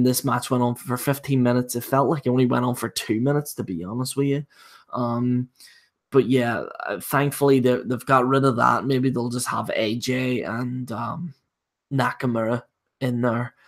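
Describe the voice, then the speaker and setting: A young man talks in a casual livestream rant, blunt and dismissive, swearing freely. His voice sits at an ordinary middle pitch. He reviews a wrestling event with plenty of fillers.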